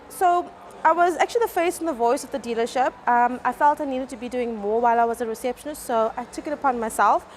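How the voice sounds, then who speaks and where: Hesitant woman, fairly high. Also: a little hiss or hum. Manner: hesitant, many ums and restarts. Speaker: customer relations manager. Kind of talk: workplace career talk. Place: car dealership indoors.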